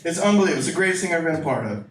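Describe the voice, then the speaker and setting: A man's voice: on the high side, animated, racing, a little hiss or hum. A man performing a stand-up comedy set in a club with a brash, profane, riffing manner. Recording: roomy live club recording from a distance. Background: audience laughter and room ambience.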